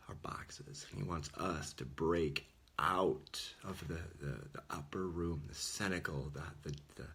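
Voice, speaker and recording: A man's voice: deep voice, fairly bright tone, breathy edge. A man giving an earnest, informal Christian talk, often dropping to a whisper. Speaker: Catholic speaker. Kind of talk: casual sermon.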